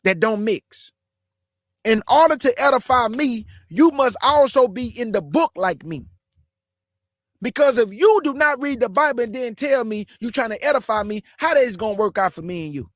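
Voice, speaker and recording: High-voiced fast-talking preacher man. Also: fairly bright tone, no echo, clean studio sound. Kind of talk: live-streamed bible teaching.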